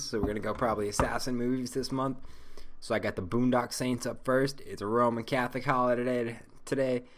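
Low-voiced stoned profane podcaster. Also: male voice, fairly bright tone. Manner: rambling, heavily profane, stoned. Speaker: podcast host. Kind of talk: casual solo podcast rant.

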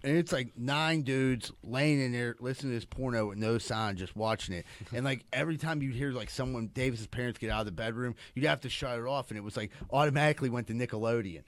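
A man's voice: medium pitch, fast talker, hardly any pauses, no echo. A man in his thirties hosts a podcast in a laid-back, mumbling voice. He drops "like" into nearly every line. The sound is dry and close. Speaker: podcast host. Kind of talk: casual chat.

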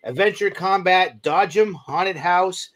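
A man's voice: sits high, slow, a bit bright. A man co-hosting a podcast, chatting casually and rambling with plenty of fillers as he shows off a gadget. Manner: rambling, enthusiastic show-and-tell with many fillers. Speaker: podcast co-host. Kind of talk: casual chat.

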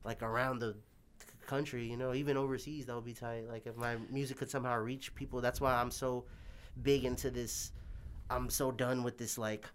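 A man's voice: mid-range voice, little pitch movement, brisk, a little hiss or hum. A young man, a musician, in a rambling casual conversation, full of fillers and swearing. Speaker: guest musician.

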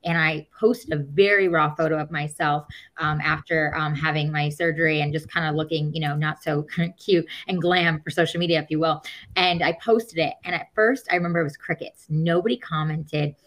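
A woman guest telling a personal story in a casual, animated way, acting out other people's words and laughing often. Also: low-pitched, moderate pace, low-quality recording. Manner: animated, acts out quoted voices, laughs often. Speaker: podcast guest.

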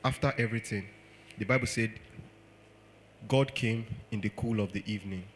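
A man's voice: fairly low pitch, normal speed, a little hiss or hum. A man with a Nigerian accent preaching a sermon, firing off rhetorical questions and acting out quotes.

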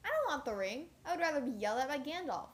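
A young woman in a casual chat, animated and playfully indignant. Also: high voice, fast.

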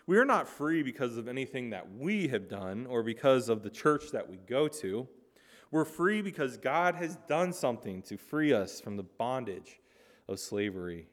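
A man preaching a sermon in an earnest, emphatic way, pressing hard on key words and then dropping to soft, low lines.

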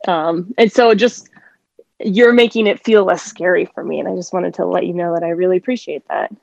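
A woman's voice: on the low side, steady tone, a little fast, vocal fry, darkish tone, no echo. A woman calling in to a podcast, talking candidly and rambling a little, with some swearing. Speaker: caller. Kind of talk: casual chat. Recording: dull dry call audio.

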